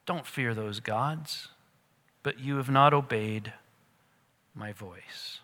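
A man preaching a sermon, animated at times and dropping to a hush for emphasis. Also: mid-range voice, takes it slowly, in a large hall. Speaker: pastor.

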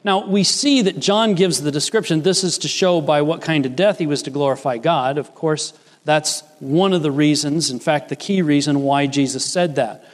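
A man preaching a sermon in an earnest, explanatory way, often quoting scripture with rising emphasis. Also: moderate pace. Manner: earnest, rises in pitch when quoting Jesus and Peter. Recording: long hall reverb.

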